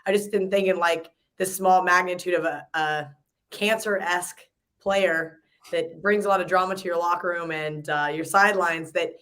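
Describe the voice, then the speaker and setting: A woman's voice: lowish voice, steady tone, moderate pace, fairly bright tone. A woman hosting a casual sports betting chat, telling rambling stories in a conversational way. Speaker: sports betting show host.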